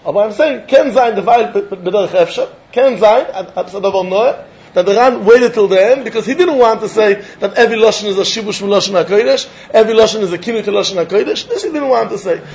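High-voiced man giving a Talmud lecture. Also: brisk, highs cut off. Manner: lively, questioning, mixes English with Yiddish and Hebrew terms. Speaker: Talmud teacher.

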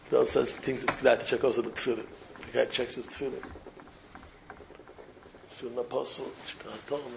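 A man's voice: medium pitch, steady tone, a little fast, gravelly, a little mellow, slight background noise, low-quality recording. A man giving a Torah lecture, telling a parable and repeating phrases for emphasis, with Hebrew and Yiddish terms woven in. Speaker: rabbi giving a talk.

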